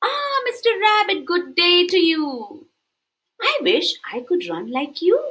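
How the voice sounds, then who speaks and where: A man's voice: very high voice, big pitch swings, slow pace, voice pushed up, exaggerated voice. A woman voicing a polite male tortoise who wishes he could do what other animals do, in a storybook read-aloud. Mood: wistful. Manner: polite, gently yearning.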